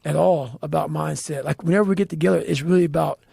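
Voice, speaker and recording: A man telling intense motivational stories as a podcast guest, swearing heavily and speaking with forceful emphasis. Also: a little high, quick pace, creaky, breathy edge, no echo, studio quality. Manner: heavy profanity, forceful and emphatic.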